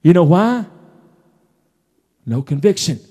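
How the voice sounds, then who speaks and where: A middle-aged man preaching a folksy, emphatic sermon in a church, his voice rising into shouts. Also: high voice, very animated, slow, slightly rough. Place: church sanctuary.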